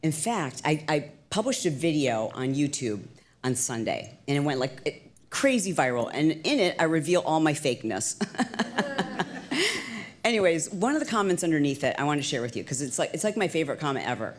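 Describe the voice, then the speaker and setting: A middle-aged woman entrepreneur telling stories as an interview guest, lively and chatty with lots of "like" and restarts. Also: low-pitched, fairly quick. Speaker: guest, entrepreneur and fitness instructor. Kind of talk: casual storytelling interview.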